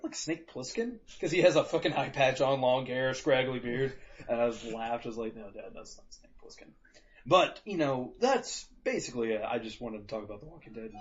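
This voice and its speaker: A man's voice: medium pitch, a little hiss or hum. A man co-hosting a podcast in casual chat, swearing freely and acting out quotes as he jokes. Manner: profane, joking, acts out quotes. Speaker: podcast co-host. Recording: dull lo-fi podcast audio.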